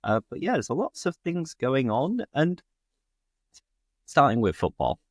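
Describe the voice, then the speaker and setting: A man's voice: medium pitch, sing-song, a little slow, no echo, clean studio sound. A British man hosting a casual chat, talking freely with frequent fillers. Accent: British English. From England. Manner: chatty, fillers like "like". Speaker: host, English teacher.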